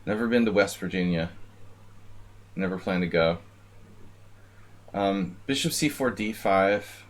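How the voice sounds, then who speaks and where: A man's voice: sits low, unhurried. A man live-streaming blitz chess, chatting casually with viewers and rambling jokingly between moves. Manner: rambling, joking, talks to chat.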